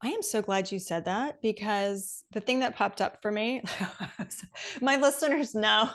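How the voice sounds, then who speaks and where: A woman's voice: medium pitch, unhurried. A middle-aged woman hosting a podcast, chatting with enthusiasm and casual swearing as she gets fired up. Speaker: podcast host. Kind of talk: casual interview chat.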